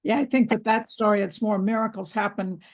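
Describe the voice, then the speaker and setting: Host with a gravelly creaky voice, middle pitch, asks reflective questions and agrees a lot. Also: fairly quick. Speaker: interview host. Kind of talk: interview questions.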